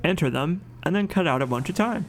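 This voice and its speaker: A man giving casual, chatty commentary over his own gameplay, excited at times and often stopping to correct himself with a joke. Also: fairly high pitch, fast, faint music behind. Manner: chatty, enthusiastic, jokes and corrects himself mid-sentence. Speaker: let's play commentator.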